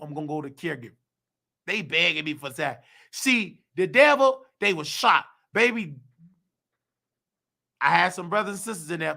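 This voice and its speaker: A hoarse man hosting his own show, ranting heatedly and preaching to the listener, acting out the people he quotes. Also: a little high, pushed and bright. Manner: preachy, heated, acts out quoted voices, calls listener baby. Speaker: show host. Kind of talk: animated personal rant.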